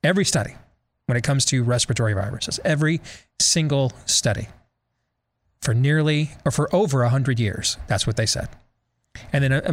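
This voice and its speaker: A man's voice: mid-range voice, fairly bright tone. An American man hosting a talk show, delivering a sarcastic monologue full of rhetorical questions and leading questions to his co-hosts. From United States.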